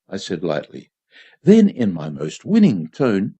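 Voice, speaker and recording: Casting: male radio story reader, very lively melody, mellow husky tone, dull lo-fi sound. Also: sits low, unhurried. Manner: expressive, dry storytelling. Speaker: volunteer reader.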